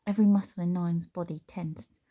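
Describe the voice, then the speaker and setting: Woman narrator for a storybook reading, measured and expressive. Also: on the low side, phone-quality sound.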